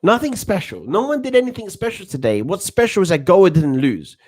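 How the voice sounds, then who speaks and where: This is a high-pitched, very animated man in his thirties, talking fairly quickly in a darkish tone. He has a London accent and gives breezy, self-assured live-stream commentary on a football watchalong while reading chat.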